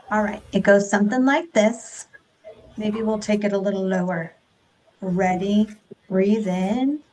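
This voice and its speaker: A woman's voice: a little high, darkish tone, slight background noise, rough recording. A woman leading an online group speech class, encouraging her students as she coaches them through rhythm drills.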